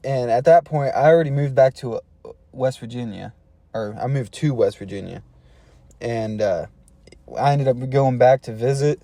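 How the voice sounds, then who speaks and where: Mellow-voiced man telling a casual story. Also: mid-range voice, moderate pace, no room sound. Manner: laid-back, slangy, chuckles between phrases.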